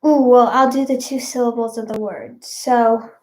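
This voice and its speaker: A woman's voice: fairly high pitch, steady tone, normal speed, mellow. A young woman hosting a casual live stream, chatting with viewers in a bubbly, rambling way with giggles.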